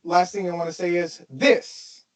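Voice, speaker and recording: Podcast host, male, higher register, relaxed and profane banter. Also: fairly quick, low-quality recording. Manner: loose and profane, wraps up with show plugs. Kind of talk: casual podcast chat.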